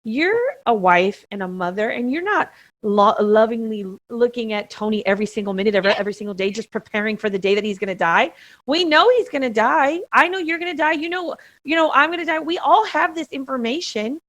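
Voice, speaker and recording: A middle-aged woman with a somewhat high voice talks earnestly as a podcast co-host. She is gently emphatic and leans on repeated phrases to drive her points home. The tone stays reflective and conversational. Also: expressive, a little fast. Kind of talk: reflective conversation about grief.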